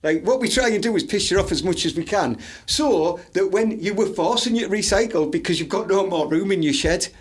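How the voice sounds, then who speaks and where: Give me a rambling, deadpan Teesside man as podcast co-host. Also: sits high, a little fast, few pauses. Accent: Teesside English. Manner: rambling, deadpan mock-serious. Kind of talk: crude casual banter.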